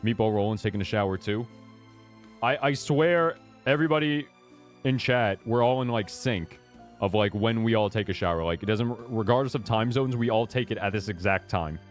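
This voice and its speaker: A man's voice: lowish voice, moderate pace, faint music behind. A man streaming a game, chatting casually with a joking, self-deprecating manner. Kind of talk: casual gaming stream commentary.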